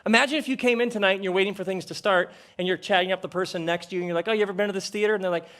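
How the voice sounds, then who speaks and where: A middle-aged man giving a live talk on a theater stage, conversational and jokey, with rhetorical questions and dramatic pauses. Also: high-pitched, steady tone, fairly bright tone. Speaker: speaker addressing a live audience.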